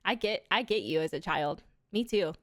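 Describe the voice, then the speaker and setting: A young adult woman livestreaming, chatting casually with viewers in animated stories full of swearing and laughter. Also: on the low side, moderate pace, no echo, studio quality.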